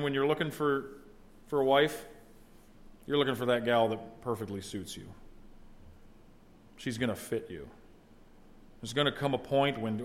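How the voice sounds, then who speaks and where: Middle-aged man, pastor type, mid-pitched, chatty sermon delivery with emphatic peaks. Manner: conversational preaching, rising to emphatic exclamation.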